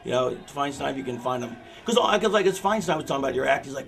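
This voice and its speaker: In a casual backstage planning session, a veteran wrestler walks a younger one through a match plan, rambling and swearing and saying "you know" constantly. His mid-range voice is gravelly and a bit bright, and he talks fast and animatedly. Music plays in the background.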